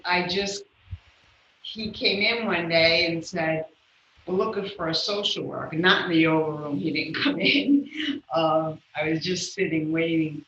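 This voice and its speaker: A woman tells a personal story during an interview, bringing it to life by acting out the voices of the people in it. Her voice is bright and she takes her time. The sound is dull and roomy, like a remote call. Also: lowish voice, slight background noise. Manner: animated, acts out the voices of people in her stories. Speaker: guest, yoga instructor.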